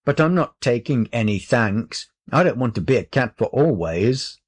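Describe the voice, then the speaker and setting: A man's voice: medium pitch, lively intonation, moderate pace, lightly acted. A man voicing a headstrong young boy in a storybook, eager and defiant, lifting his voice well above his own. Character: headstrong, indignant young boy turned into a cat.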